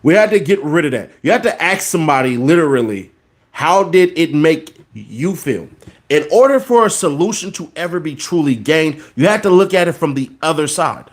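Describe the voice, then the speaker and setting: Male podcast host, thirties, slightly higher voice, preachy riffing delivery. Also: expressive, normal speed. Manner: preachy, repeats words for emphasis. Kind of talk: casual commentary monologue.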